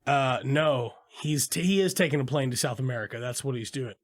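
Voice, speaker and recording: A man co-hosting a casual movie podcast, recapping scenes, acting out quick quotes and swearing freely. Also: medium pitch. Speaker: podcast co-host.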